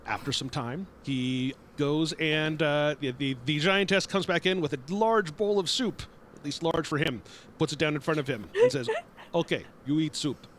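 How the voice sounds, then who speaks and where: A man's voice: a little high, very animated, normal speed, a bit bright, slight background noise. A man improvising a story for friends on a call, often laughing and correcting himself. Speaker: player telling the story.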